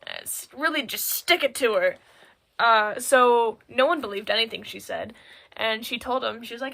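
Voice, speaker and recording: Recorded on a phone, this gravelly, sharp-toned voice sits a little high and moves at normal speed. It belongs to a teenage girl giving a school project presentation, recapping a story casually in slangy, irreverent chatter packed with filler words.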